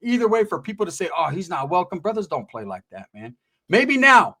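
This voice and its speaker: A man's voice: high voice, huge pitch swings, brisk, pushed and bright. A man telling stories in casual, slang-heavy talk, acting out what other people said. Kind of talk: casual storytelling.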